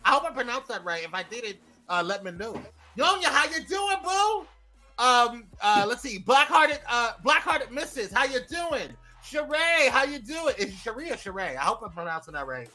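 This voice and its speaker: Bright-voiced man hosting a live show. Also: extremely high pitch, moderate pace, faint music behind. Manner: lively, greets viewers by name one after another. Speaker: morning show host. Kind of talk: live morning show chat.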